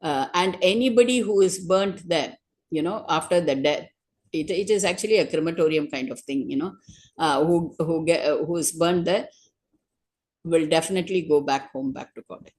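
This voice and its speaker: A woman's voice: sits low, moderate pace, darkish tone. Filler-heavy woman retelling a sacred story. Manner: conversational, many "you know" and "uh" fillers. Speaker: devotee giving a religious class. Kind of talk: storytelling talk.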